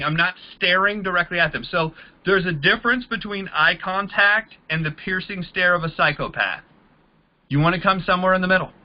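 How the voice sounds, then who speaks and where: A man's voice: high voice, lo-fi sound. A man teaching a network marketing audience in a casual way, acting out both sides of the conversations he describes. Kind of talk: training talk to a group.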